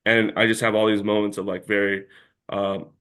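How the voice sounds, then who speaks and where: A man's voice: lowish voice, level tone, normal speed, a bit bright. A man telling a long story as an interview guest in a casual chat, rambling and packed with filler words.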